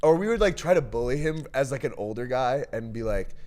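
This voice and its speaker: A young man hosting a casual podcast, reacting quickly and laughing along with his guest. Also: mid-range voice, expressive, a little mellow. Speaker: podcast host.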